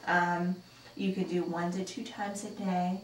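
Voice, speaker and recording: A woman's voice: lowish voice, flat delivery, a little slow, a little hiss or hum. A woman clinician explaining a treatment schedule, reassuring and full of fillers. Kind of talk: treatment consultation. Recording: echoey room, distant mic.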